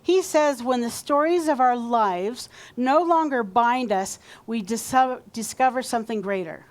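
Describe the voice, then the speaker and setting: Woman pastor, slow and chatty sermon delivery in a church, voice a touch high. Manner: warm conversational preaching, leads call-and-response. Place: church sanctuary.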